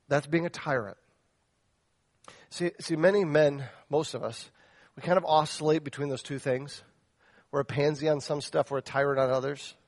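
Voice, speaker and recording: A man preaching a sermon as pastor, passionate and direct, shifting between loud exhortation and soft, earnest asides as he questions the men in the congregation. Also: mid-range voice, no room sound.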